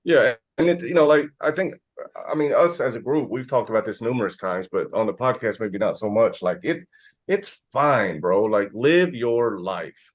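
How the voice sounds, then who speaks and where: An American man co-hosts a podcast, telling stories animatedly in casual chat and swearing freely. His voice is medium-pitched and his speed is normal.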